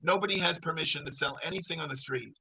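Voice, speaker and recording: A man's voice: on the high side, fast, bright, forceful tone, lo-fi sound, slight background noise. A middle-aged man telling a personal story in a rambling, conversational way. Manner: rambling, conversational, full of fillers.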